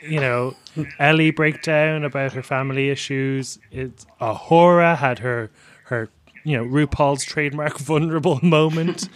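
A man's voice: fairly high pitch, steady tone, unhurried. A man hosting a podcast, talking in an easygoing, reflective way. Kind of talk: casual chat.

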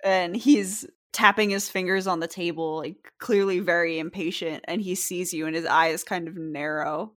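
A young woman acting as game master, narrating a tabletop game in a relaxed, chatty way. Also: on the low side, normal speed, few pauses.

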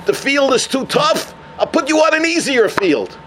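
An older farmer father scolds his grown son, as a storyteller puts him on. He lectures in a dismissive, exasperated tone, and his voice rides very high and bright. He sounds fed up and keeps pressing his point. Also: very animated, moderate pace, slight background noise, heavily acted.

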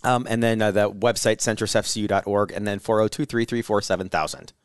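A man's voice: fairly low pitch, steady tone, fast talker, clear, resonant tone, dry recording, clean studio sound. A man co-hosting a podcast, joking in casual chat and laughing easily. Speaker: podcast co-host.

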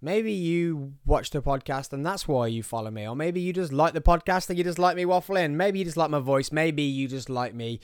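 A man's voice: on the high side, animated, moderate pace, hardly any pauses, smooth, no echo. A man in his thirties with a Birmingham accent, hosting his own podcast in casual, rambling, jokey chat from a small studio. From England. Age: 30s. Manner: rambling, jokey, goes off on tangents. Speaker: podcast host.

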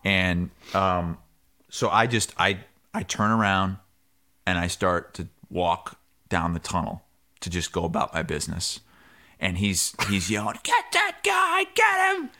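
A man co-hosting a sports podcast, telling a story in casual chat and shouting the quoted lines loudly. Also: low-pitched, steady tone, measured pace. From Iowa. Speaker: podcast co-host.

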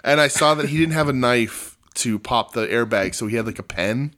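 A man co-hosting a wrestling podcast in an easygoing, rambling voice at an ordinary pitch. He swears freely and keeps drifting into jokey impressions as he riffs. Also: moderate pace, a bit bright. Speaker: podcast co-host. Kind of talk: casual chat.

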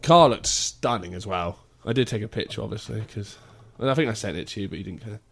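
A man's voice: on the low side, lively intonation, fast talker, creaky, a bit bright, slightly rough. A man in casual chat, telling a rambling anecdote with swearing and frequent laughs.

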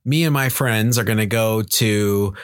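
A man's voice: lowish voice, unhurried, smooth, no echo, studio quality. A man co-hosting a podcast in casual, joking conversation, speaking with plenty of filler words. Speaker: podcast co-host. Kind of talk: casual podcast conversation about music subculture.

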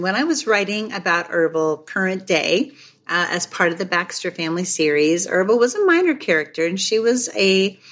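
A middle-aged woman, a guest author on a podcast, telling a story with lively energy and acting out the voices of others. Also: medium pitch. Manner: animated storyteller, acts out quoted voices.

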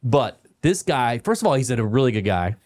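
Laughing, animated man telling stories. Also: medium pitch, no echo. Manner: animated, laughs often, quotes people in fast bursts. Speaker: podcast host. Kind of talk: casual storytelling chat.

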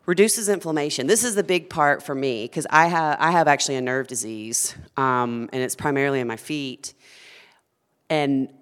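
Low-voiced earnest woman in an echoey room. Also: normal speed, clean tone. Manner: earnest, emphatic, passionate. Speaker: food company founder, podcast guest. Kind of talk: conversational interview.

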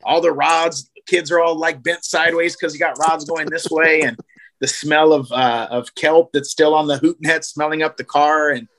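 A man from Southern California in casual podcast chat, telling animated fishing stories full of slang. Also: a little high. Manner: fast, animated storytelling with slang. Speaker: guest, fishing program organizer.

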